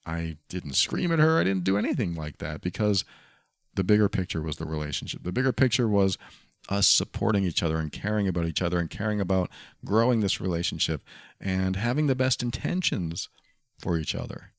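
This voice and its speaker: A man's voice: sits low, very animated, brisk, gravelly, dry recording, studio quality. A man hosting a solo podcast, talking earnestly and reflectively, often repeating his key phrases. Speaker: podcast host.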